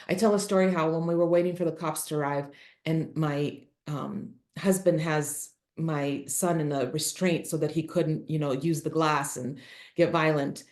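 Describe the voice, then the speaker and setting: A middle-aged woman who is an author and speaker appears as a podcast guest, telling a personal story in a candid interview with earnestness and emotion. She acts out what she and her son said, her low voice fairly even in intonation, moderate in pace and a little mellow.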